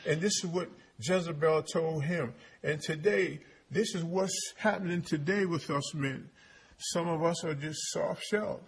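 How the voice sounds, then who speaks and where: A man preaching with a husky, slightly high voice. He is emphatic, stumbling over and repeating words as he drives each point home. He keeps checking in with his congregation. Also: unhurried. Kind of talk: sermon, reading and preaching on scripture.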